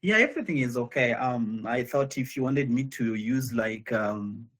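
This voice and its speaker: A man at a mid pitch with a slightly husky voice, chatting casually as a guest before a live online talk. He speaks hesitantly and in halting phrases, often restarting what he says. He is heard through a video call. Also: fairly bright tone. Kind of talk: casual pre-show chat.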